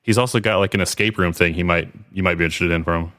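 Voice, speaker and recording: A man's voice: low voice, steady tone, rapid-fire, a bit bright, no room sound, studio quality. A man hosting a podcast interview in a casual, chatty way, often trailing off and restarting. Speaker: podcast host.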